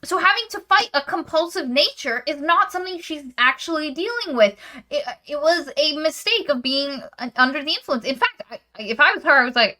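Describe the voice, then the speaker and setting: A woman's voice: high voice, expressive, a little fast, bright, forceful tone. A woman co-hosting a podcast, chatting casually and sarcastically as she roasts a novel, swearing freely. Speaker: podcast co-host. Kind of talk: casual book-roast chat.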